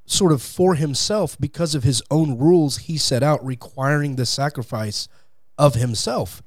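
A man speaking as a guest in a casual interview, animated and acting out quotes in different voices, on a close studio mic. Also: medium pitch, no room sound. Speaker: podcast guest, atheist comedian.

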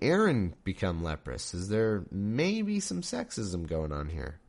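A man's voice: low voice, wildly swooping pitch, unhurried, gravelly, darkish tone. A man reading scripture aloud and breaking off into wry, mock-incredulous comedic asides. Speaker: scripture reader and commentator. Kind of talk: comedic Bible reading with commentary.

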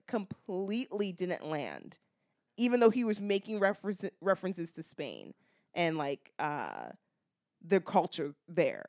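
Chatty American woman podcast co-host. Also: medium pitch. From United States. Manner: chatty, many "like" fillers, reflective. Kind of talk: casual chat.

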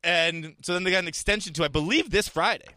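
A man's voice: high-pitched, fast talker, no room sound, clean studio sound. A man co-hosting a podcast in casual chat, laughing often and ranting in crude jokes. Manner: laughs a lot, animated, crude jokey rants. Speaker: podcast co-host.

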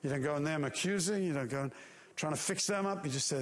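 A man preaches a sermon in an animated storytelling manner and leans on emphatic rhetorical questions. His speaking voice sits high for a man. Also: quick pace. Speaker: pastor.

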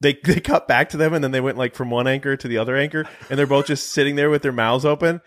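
A man co-hosting a sports podcast, talking in an animated, bantering way. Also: medium pitch, fast talker. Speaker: podcast co-host. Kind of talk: casual sports chat.

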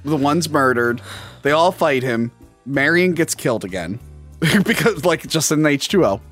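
A man co-hosting a casual movie chat podcast, animated and swearing, acting out characters in bits. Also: on the high side, moderate pace, faint music behind. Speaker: podcast co-host.

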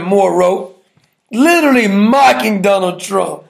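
High, gravelly man ranting. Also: lively intonation, measured pace, reverberant. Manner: brash, mocking, repetitive. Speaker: talk show host. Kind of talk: political commentary rant.

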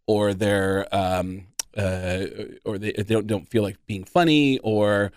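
A man's voice: lowish voice, slow pace, smooth, dry recording. A man who is a guest comedian, telling stories on a radio show and acting out the people he quotes. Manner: animated storyteller who acts out quotes.

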